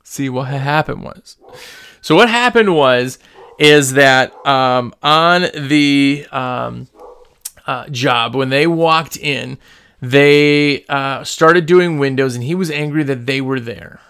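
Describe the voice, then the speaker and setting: A man who runs a small business, telling stories in a casual, rambling, animated way with lots of fillers and restarts. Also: medium pitch, slow, smooth. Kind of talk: casual storytelling.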